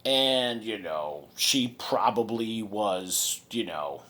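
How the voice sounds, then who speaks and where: A man's voice: on the low side, lively intonation, slow pace, pushed and bright. Rambling, indignant man ranting. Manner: rambling, with many fillers and restarts. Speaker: vlogger. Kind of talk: casual commentary monologue.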